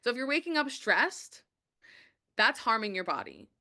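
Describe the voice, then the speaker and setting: A woman's voice: fairly high pitch, big pitch swings, moderate pace, bright, forceful tone. A woman hosting a motivational webinar, upbeat and encouraging as she talks to viewers and reads their chat messages aloud. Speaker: webinar host.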